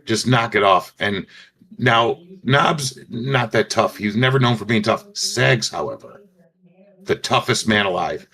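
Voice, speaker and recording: A man's voice: fairly low pitch, a little slow, creaky, bright, forceful tone. A man hosting a casual chat, rambling through anecdotes and laughing often while recovering from surgery. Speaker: show host.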